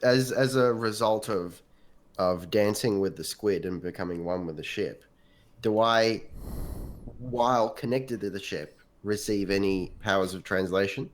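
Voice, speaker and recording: A man with a low voice plays a tabletop game with friends. He breaks in with jokes and side questions. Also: measured pace. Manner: joking interjections. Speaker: player. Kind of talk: casual tabletop play.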